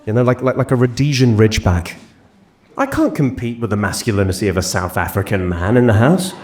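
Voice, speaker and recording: A man's voice: fairly low pitch, sing-song, brisk, darkish tone, slight background noise. A young English man doing stand-up comedy on stage, self-mocking and rambling in his delivery. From England. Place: on stage before a live audience.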